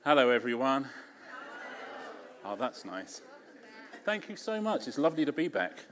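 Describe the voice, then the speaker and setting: A man's voice: mid-range voice, big pitch swings, normal speed, a bit bright. A man with an English accent, an author chatting on stage at a festival in a chatty, self-deprecating, joking way. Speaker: author guest. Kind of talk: casual onstage conversation. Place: large festival hall on stage. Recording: echoey hall, faint background noise.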